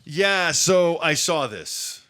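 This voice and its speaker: A man co-hosting a podcast in casual chat, animated and quick to joke and laugh. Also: fairly high pitch. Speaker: podcast co-host.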